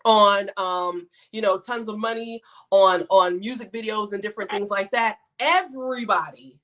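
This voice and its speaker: A woman's voice: medium pitch, steady tone, normal speed, a bit bright. A woman hosting a livestream in a casual, chatty way, reading viewer comments and hyping her guests. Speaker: host.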